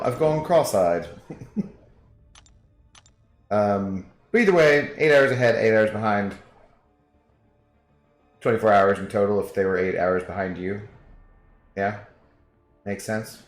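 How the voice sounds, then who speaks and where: A man's voice: on the low side, slow pace, pauses often, echoey room, faint music behind. A man streaming a video game, chatting casually and jokingly with viewers and reading their messages aloud.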